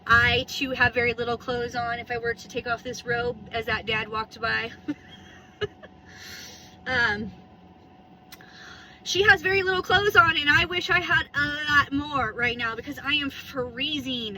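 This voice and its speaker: Chatty high-voiced woman vlogging from her car. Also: fairly even intonation, normal speed, noisy background. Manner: chatty, rambling, giggly. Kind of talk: casual driving vlog chat. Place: in a parked car. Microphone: phone camera in the car.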